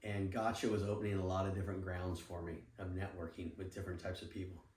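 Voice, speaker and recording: Animated storyteller man, lowish voice. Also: fast, a little hiss or hum. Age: middle-aged. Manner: animated, acts out quoted dialogue, swears freely. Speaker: podcast guest, surf apparel businessman. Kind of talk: casual storytelling interview. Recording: roomy sound from a distant mic.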